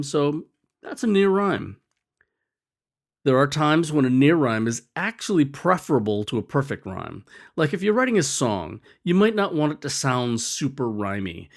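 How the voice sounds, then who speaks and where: Male narrator for a scripted explainer lesson, wry and animated, with an expressive, varied pitch. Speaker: teacher.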